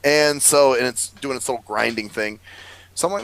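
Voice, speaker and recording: Gravelly, swearing male storyteller. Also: mid-range voice, lively intonation, a little fast, a bit bright, low-quality recording. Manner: rambling storyteller, swears a lot, laughs often. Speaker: podcast co-host. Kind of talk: casual chat.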